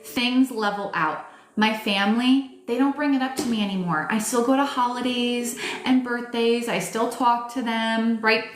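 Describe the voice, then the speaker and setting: A tarot reader does a live reading, her voice on the high side, steady in tone and moderately paced. She chats with viewers casually and emphatically, full of fillers, restarts, and the odd swear word, in a roomy, echoey space with faint music behind.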